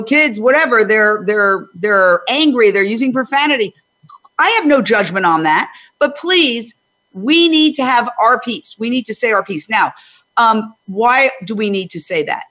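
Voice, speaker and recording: An older woman hosting a panel discussion, talking loudly and emphatically, often digressing. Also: on the high side. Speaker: host.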